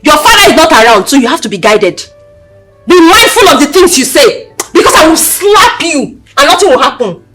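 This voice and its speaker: Actress playing a shrill, preachy Nigerian daughter. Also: female voice, big pitch swings, moderate pace. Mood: scolding. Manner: loud, scolding, preachy. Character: loud, preachy young woman scolding her mother. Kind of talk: Nollywood film acting. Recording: film audio with music score.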